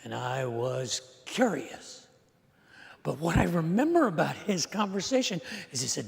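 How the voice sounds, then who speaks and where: A man's voice: fairly high pitch, very animated, unhurried, vocal fry. A middle-aged man preaching a sermon as a pastor. He tells stories in a conversational way, asks the audience questions and slips in dry humor. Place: church sanctuary. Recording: long hall reverb.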